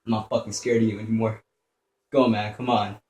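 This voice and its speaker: A man's voice: lowish voice, little pitch movement, fairly quick, a little mellow. Profane, jumpy young man commenting on a game. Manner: profane, jumpy, mutters to himself. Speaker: gameplay commentator. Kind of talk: gameplay commentary. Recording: echoey room, faint background noise.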